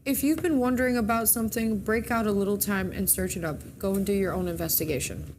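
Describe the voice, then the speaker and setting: A woman's voice: medium pitch, fast, background noise. A woman co-hosting a morning show, casually reading the horoscopes and chatting, stumbling and correcting herself as she goes. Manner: chatty, reads with slips and self-corrections.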